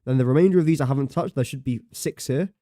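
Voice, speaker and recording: A man with a mid-range, warm voice speaks fast, recorded clean in a studio with no echo. He's live-streaming a building game, chatting casually and thinking aloud while he counts, works out sums under his breath and pokes fun at himself.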